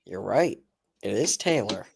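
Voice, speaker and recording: A man's voice: on the low side, sing-song, measured pace, vocal fry, breathy edge, no room sound, clean studio sound. A man co-hosting a live stream in casual chat, goofy and fond of silly voices. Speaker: co-host, streaming guest.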